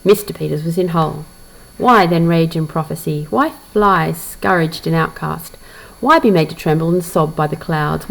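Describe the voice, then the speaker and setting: A woman reading a classic novel aloud in a measured, reflective way, pausing to comment on the passage. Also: mid-range voice, slight background noise, poor audio. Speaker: audiobook reader.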